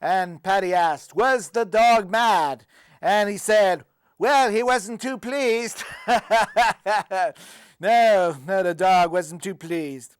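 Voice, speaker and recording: A man's voice: high-pitched, drawn-out words, clean tone, no echo. Louie, a man playing a boastful leprechaun. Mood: joking. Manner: joking, proud and hammy. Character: boastful big male leprechaun wrestling champ. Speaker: comedy host. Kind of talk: comedic character sketch.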